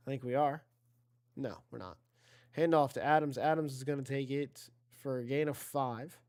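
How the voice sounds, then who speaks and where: A man's voice: medium pitch, fairly even intonation, fairly quick, darkish tone, clear, resonant tone. A man giving casual play-by-play commentary on an online video game football league, chatty and self-correcting, talking to his chat and rising on big plays.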